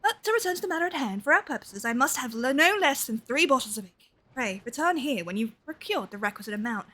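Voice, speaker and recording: A woman voicing an excitable, tactless young male scholar who speaks in formal, old-fashioned phrases. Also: high voice, fast talker, exaggerated voice. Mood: eager.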